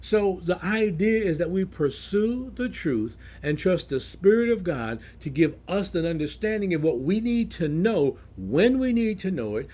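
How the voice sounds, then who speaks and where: A male preacher with a fairly high voice and a lively, rising-and-falling delivery. He teaches through scripture verse by verse and explains each passage plainly for his congregation. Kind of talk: Bible teaching sermon.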